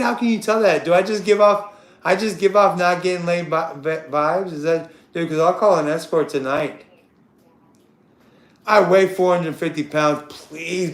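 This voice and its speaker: This is a loud, high-pitched man hosting a livestream, launching into an off-the-cuff rant. Crude and combative, he lays into someone in his chat, repeating himself in his excitement, and the recording has a roomy echo.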